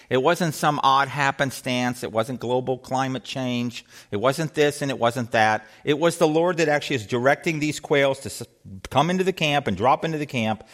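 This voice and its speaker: A man teaching a Bible study in a rising and falling, animated voice. He asks the group questions, restarts his sentences and acts out quoted speech. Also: mid-range voice.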